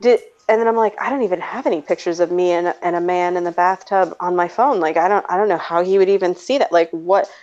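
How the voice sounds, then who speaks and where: A young woman with a fairly low voice tells classroom anecdotes in a loose, chatty way. She slips into quoted voices and laughs as she goes. The audio is muffled and lo-fi. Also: fast, hardly any pauses. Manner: animated anecdote telling, acting out quotes with laughs. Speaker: preschool teacher. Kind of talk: casual storytelling chat. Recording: dull lo-fi audio.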